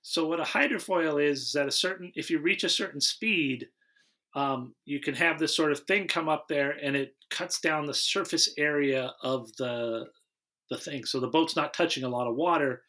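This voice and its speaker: A man's voice: on the high side, normal speed, pushed and bright. A middle-aged man co-hosting a casual movie-review chat, recapping the plot and explaining details. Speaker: podcast co-host.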